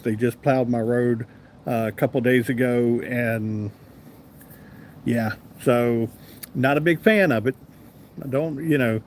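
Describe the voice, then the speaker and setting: A man's voice: medium pitch, a little mellow, slight background noise. A man with a Southern US accent hosting a casual live stream, chatting easily and answering viewers by name. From American South. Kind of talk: casual live chat reading comments.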